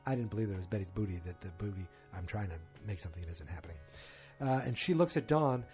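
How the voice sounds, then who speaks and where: A man's voice: lowish voice, fast, a little mellow, soft background music. A man casually recapping a TV episode in a loose, rambling way with joking asides.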